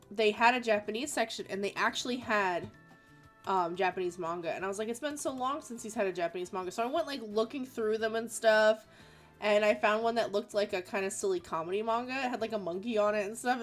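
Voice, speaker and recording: A woman chatting casually while she draws, telling animated stories, laughing often, and acting out quotes in squeaky voices. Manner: animated storyteller who acts out quotes in high squeaky voices. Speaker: artist hosting a drawing stream. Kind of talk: casual chat while drawing.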